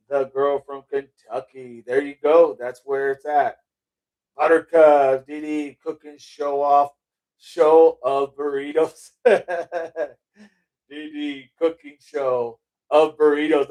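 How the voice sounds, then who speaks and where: A middle-aged man chats loosely on a livestream, reading viewer comments and drifting from one thought to another. His voice sits a little high for a man, and he often breaks into a chuckle or a casual curse as he loses his train of thought. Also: a little mellow. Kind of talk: casual chat.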